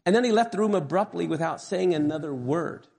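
A man preaching, retelling a story in an earnest, measured manner. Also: high-pitched, animated, creaky, a little mellow, in a large hall. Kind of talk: sermon storytelling.

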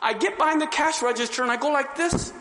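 A man giving his testimony to an audience as an animated storyteller who acts out the scenes. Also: very high voice, fast, in a large hall. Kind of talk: sermon-style testimony.

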